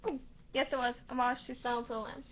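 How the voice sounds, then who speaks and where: High-voiced young woman rambling a recap. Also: flat delivery, quick pace. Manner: rambling, quoting characters in bursts. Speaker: recap vlogger. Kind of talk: casual TV episode recap. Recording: slightly muffled home recording with faint noise.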